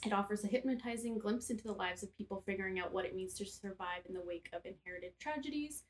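A woman's voice: mid-range voice, quick pace, rough recording. A woman co-hosting a podcast in casual book chat, agreeable and reading book blurbs aloud. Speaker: podcast co-host.

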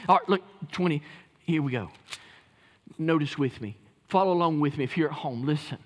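Fiery preacher in a reverberant hall. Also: male voice, on the high side, animated, moderate pace, pauses often. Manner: impassioned preaching with shouted peaks. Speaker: pastor. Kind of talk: sermon. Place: church sanctuary.

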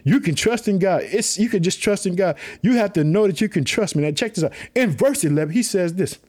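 A man preaching a fervent sermon, repeating phrases, calling out hallelujah and reading scripture slowly and solemnly. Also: high-pitched, expressive, darkish tone. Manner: fervent, repetitive preaching with call-and-response.

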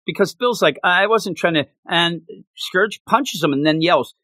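High-voiced, lively comic book fan. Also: male voice, unhurried, no room sound. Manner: animated, laughs while retelling, acts out quotes. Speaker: comic book podcast co-host. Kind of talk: casual comic recap chat.

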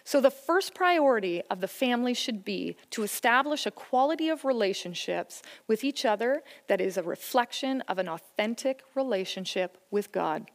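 A woman with a slightly high, lively voice delivers an earnest, encouraging sermon on parenting and faith, weaving scripture together with personal stories. As a church speaker on family faith, she keeps a moderate pace with hardly any pauses. The recording carries a long hall reverb.

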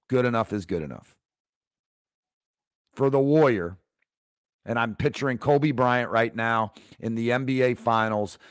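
A man's voice: mid-range voice, dry recording, clean studio sound. Emphatic man in his fifties. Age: 50s. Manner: emphatic, repeats key phrases for effect. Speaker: leadership coach, podcast host. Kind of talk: motivational podcast monologue.

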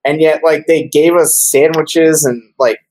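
A man's voice: on the high side, steady tone, a little slow, a little mellow, low-quality recording. A man telling travel stories in casual chat, rambling with lots of fillers.

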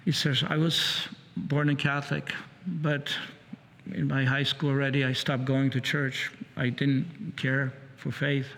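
A man preaching, retelling another man's conversion story in a halting, repetitive way, with many restarts. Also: mid-range voice, flat delivery, fairly bright tone. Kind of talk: sermon storytelling. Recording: long hall reverb.

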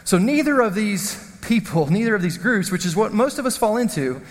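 A man preaching a sermon as the pastor, telling stories in an animated, self-mocking way. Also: sits high, moderate pace, long reverb tail. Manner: storytelling, animated, self-deprecating.

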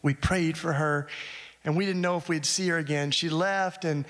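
Man, high voice, earnest storytelling, conversational asides, long hall reverb. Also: steady tone, moderate pace, fairly bright tone. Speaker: speaker at a church event. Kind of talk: storytelling talk.

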